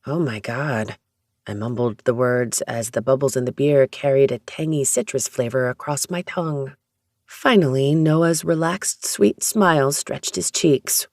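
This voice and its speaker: An audiobook narrator reading a first-person romance story in a steady, even storytelling manner. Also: medium pitch, a little slow, dry recording, studio quality.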